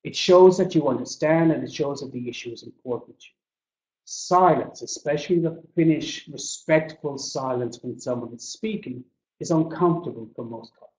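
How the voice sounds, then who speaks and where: A man giving a business English webinar, explaining points slowly with examples and acting out intonation. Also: medium pitch, a little mellow. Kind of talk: webinar lecture. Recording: dull lo-fi echoey webinar audio.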